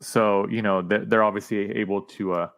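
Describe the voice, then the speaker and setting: Low-voiced man hosting a podcast. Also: level tone, normal speed, a bit bright, clear, resonant tone. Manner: easygoing, asks questions. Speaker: podcast host. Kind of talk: casual podcast chat.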